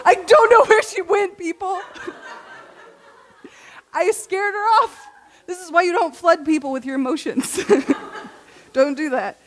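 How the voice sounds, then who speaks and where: A woman's voice: extremely high pitch, slow, pauses often. A young woman giving a personal testimony at a youth church service, chatty and self-deprecating, laughing often and saying "like" a lot. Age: young adult. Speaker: junior high intern giving a talk.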